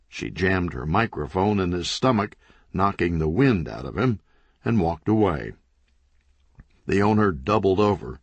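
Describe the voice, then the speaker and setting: A man reading a crime comedy audiobook in scripted narration with an animated, dry comic delivery. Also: deep voice, measured pace, slightly rough, no room sound.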